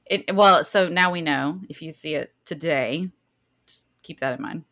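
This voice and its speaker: A woman's voice: deep voice, normal speed, sharp tone. A woman with a Southern accent, co-hosting a podcast and chatting casually while reading out research, laughing easily and stumbling over hard words. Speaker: podcast co-host.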